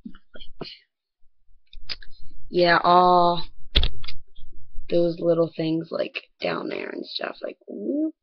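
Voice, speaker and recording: Teen girl, low voice, rambling filler-heavy talk, soft near-whispers, muffled lo-fi webcam audio. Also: very slow, pauses often. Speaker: vlogger. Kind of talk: casual bedroom vlog.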